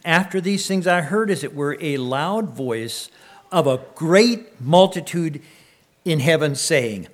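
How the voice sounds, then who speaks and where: A man giving a sermon, reading scripture slowly and swelling on words of praise, then adding casual comments and often clearing his throat. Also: fairly high pitch. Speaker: preacher.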